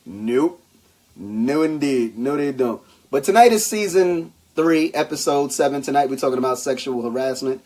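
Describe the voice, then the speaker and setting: Slangy animated man podcasting. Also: mid-range voice, moderate pace. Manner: animated storyteller, acts out quotes, slangy. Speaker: podcast co-host. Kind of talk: casual banter.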